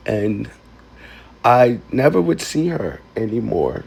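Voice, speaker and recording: A man telling a painful personal story, halting and emotional, close to tears. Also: mid-range voice, big pitch swings, creaky, a little mellow, husky. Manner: emotional, halting, with many ums and likes. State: tearful. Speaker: vlogger.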